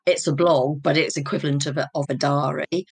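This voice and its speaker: A woman's voice: low voice, fairly even intonation, brisk, vocal fry, breathy edge, no echo. An English woman in her fifties, a guest telling personal stories openly and reflectively in an interview. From England. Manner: open, personal storytelling. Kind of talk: candid, reflective interview talk.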